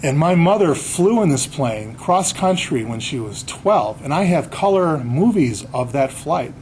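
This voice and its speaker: A man's voice: fairly high pitch, very animated, unhurried, darkish tone, a little hiss or hum, rough recording. A man, an author, giving a casual slide lecture to an audience, telling anecdotes and quizzing the crowd. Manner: chatty storyteller, quizzing the audience.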